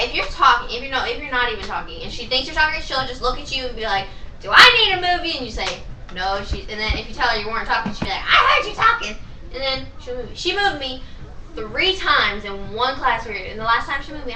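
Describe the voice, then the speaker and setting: A young teenage girl tells a webcam story about school, her bright, fairly high voice a little away from the mic. She rambles with "like" and mimics the teacher, and the room echoes around her. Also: fast talker, distant mic, slight background noise. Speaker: student, friend on camera. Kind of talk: casual chat to webcam. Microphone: webcam, a bit back from it.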